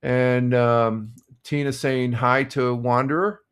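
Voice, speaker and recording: A man's voice: medium pitch, takes it slowly, smooth. Older guy on a morning stream, easygoing, lots of ums and uhs, reading scores and chat. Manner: relaxed, rambling, many fillers and restarts. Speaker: live stream host. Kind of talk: casual morning chat reading sports scores and viewer comments.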